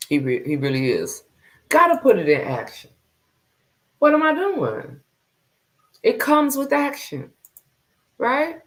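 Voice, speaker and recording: Brief: woman live-streaming host, lowish voice, loose and chatty, greets viewers, repeats phrases. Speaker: livestream host. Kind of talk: casual livestream chat.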